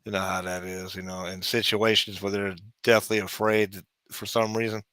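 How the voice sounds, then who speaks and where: A man's voice: on the low side, little pitch movement, moderate pace, fairly bright tone, no echo. A man in casual chat, rambling with lots of "you know" and restarts.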